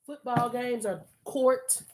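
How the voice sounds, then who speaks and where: This tarot reader's voice sits fairly high and moves slowly over heavy background noise. Reading cards live, she pushes the viewer with blunt, street-smart, foul-mouthed coaching and says key phrases again and again for emphasis.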